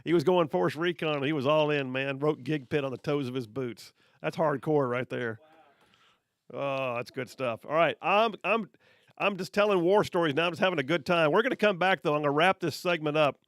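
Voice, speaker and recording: A man's voice: a little high, normal speed, fairly bright tone, no echo. Chatty male radio host telling stories. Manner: chatty, repeats words as he goes. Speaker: radio talk show host. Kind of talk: casual on-air storytelling.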